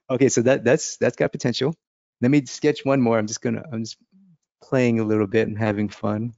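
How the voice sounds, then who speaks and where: Male art instructor, chatty and laughing as he sketches, gravelly, close and dry. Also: medium pitch, little pitch movement, moderate pace, a little mellow, dry recording, muffled recording. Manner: chatty, laughing, thinking aloud while sketching. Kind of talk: casual drawing lesson.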